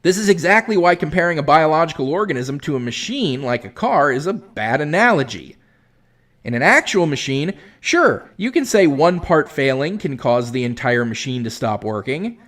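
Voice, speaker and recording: A man's voice: a little high, sing-song, normal speed, a bit bright. A man hosting a commentary video, responding to a clip in a sarcastic, exasperated, lecturing way.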